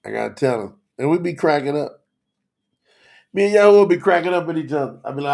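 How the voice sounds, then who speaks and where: A man's voice: fairly high pitch, lively intonation, fast talker, vocal fry, a little mellow. A man teaching scripture on a live stream, emotional and teary, sweating, calling out to his viewers in the chat. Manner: emotional, preachy, talks to chat.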